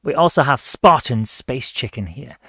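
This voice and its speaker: A woman's voice: rumbling low, animated, moderate pace, husky, dry recording. Chatty woman streamer, dry sound. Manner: chatty, upbeat, laughs easily. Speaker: host of a live retro gaming stream. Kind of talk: casual live-stream chat, reading viewer comments.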